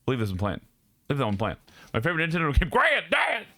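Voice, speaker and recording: A man's voice: medium pitch, lively intonation, rapid-fire, a bit bright, no room sound, clean studio sound. A young man streaming live, chatting casually with his viewers and joking and laughing a lot.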